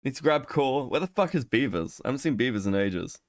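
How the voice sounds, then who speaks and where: A young man talks loosely on a livestream, his pitch jumping all over as he swears and jokes. The sound is dry and close to the mic, with no room around it. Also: brisk, no echo. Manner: swearing, animated and joking. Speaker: streamer co-host. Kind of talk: casual livestream chat.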